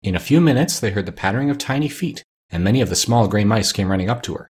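A man narrating a storybook reading in a steady, measured way. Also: fairly low pitch, breathy edge.

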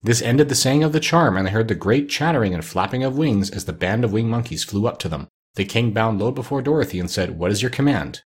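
Husky man reading a storybook. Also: lowish voice, lively intonation, fast talker, hardly any pauses. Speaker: narrator.

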